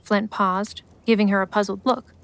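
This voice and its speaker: Woman, story narrator, measured, steady, mid pitch. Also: gravelly.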